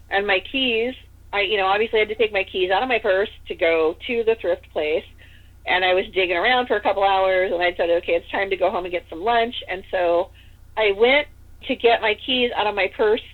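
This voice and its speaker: Rambly woman telling a ghost story on a podcast, mid-pitch voice, sounds like a phone call. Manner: chatty, rambling storyteller full of "like" and "you know". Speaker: podcast guest. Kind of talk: casual storytelling in an interview. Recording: tinny phone-line audio.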